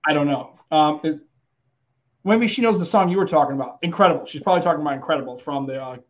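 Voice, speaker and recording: A man's voice: fairly high pitch, quick pace, highs cut off. A man co-hosting a podcast in casual chat, rambling and swearing with many restarts. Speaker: podcast co-host.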